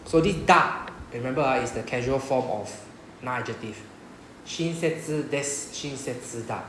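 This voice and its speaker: A man's voice: medium pitch, normal speed, a bit bright, slight background noise. Singaporean man teaching in an echoey classroom. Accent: Singaporean English. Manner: repeats "right?" to check understanding. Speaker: Japanese teacher. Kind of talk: classroom lesson explanation.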